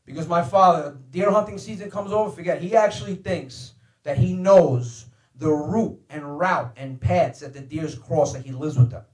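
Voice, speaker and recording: A young man doing stand-up comedy, telling profane, animated stories about his family. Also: fairly high pitch, moderate pace, few pauses. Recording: echoey room with faint noise.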